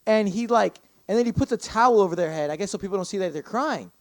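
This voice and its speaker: Talking fast in a high-pitched voice with no echo, this young man appears as a podcast guest. He tells a sprawling, animated story in loose chat, cursing constantly and layering filler on filler.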